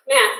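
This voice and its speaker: A woman's voice: pushed and bright, a little hiss or hum. A woman fitness instructor, leading a workout class casually and encouragingly while out of breath. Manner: encouraging, casual, counts down reps. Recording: echoey room, mic at a distance.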